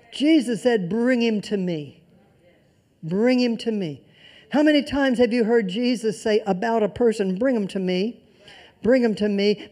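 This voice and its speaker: A preacher delivering a sermon, stressing points through repetition and shifting between loud emphasis and soft, near-whispered lines. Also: medium pitch. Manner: emphatic repetition of key phrases.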